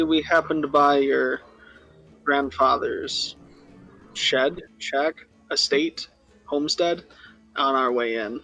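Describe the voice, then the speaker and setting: A man taking part as a player in a tabletop role-playing game, speaking in a measured way and searching for words. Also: medium pitch, steady tone, vocal fry, bright, forceful tone, soft background music, poor audio.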